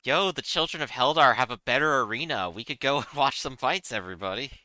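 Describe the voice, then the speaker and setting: A man's voice: medium pitch, animated, quick pace, sharp tone, dry recording. A man playing a tabletop game, chatting casually and joking with the group. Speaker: player.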